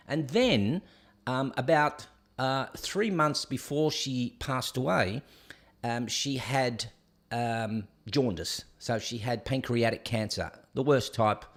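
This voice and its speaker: A man, hosting a live show and telling stories in a rambling, conversational way full of fillers. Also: medium pitch. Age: 60s. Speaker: podcast host. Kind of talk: live casual chat and rant.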